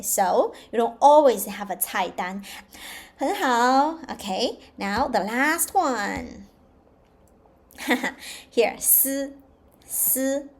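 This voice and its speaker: A woman teaching a slow, patient language lesson, repeating each sound clearly for learners. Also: fairly high pitch, darkish tone. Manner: drawn-out, repeated model pronunciations. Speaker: Chinese teacher.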